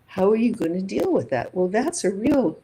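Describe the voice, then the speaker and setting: Mellow-voiced woman psychologist, reflective. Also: medium pitch, very animated, normal speed, low-quality recording. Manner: thoughtful, builds arguments through examples and rhetorical questions. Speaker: psychologist guest. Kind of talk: reflective interview conversation.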